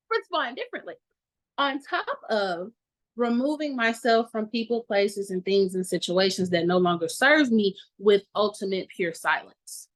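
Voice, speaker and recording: A woman's voice: medium pitch, poor audio. A woman giving a candid testimony in an online meeting, blunt and profane, laughing often. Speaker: meeting participant. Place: video call at home. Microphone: video call.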